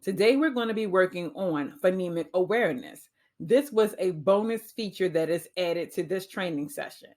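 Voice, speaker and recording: A woman's voice: lowish voice, a little mellow. A woman teacher giving a reading-skills training talk, patiently sounding out letter sounds. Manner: clear, patient, sounding out phonemes slowly.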